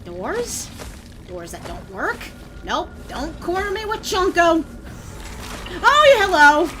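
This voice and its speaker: A woman streaming a game, chatting along, muttering to herself and breaking into sudden yells. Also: very high-pitched, very animated, takes it slowly, faint music behind. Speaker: vtuber streamer. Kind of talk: gameplay commentary.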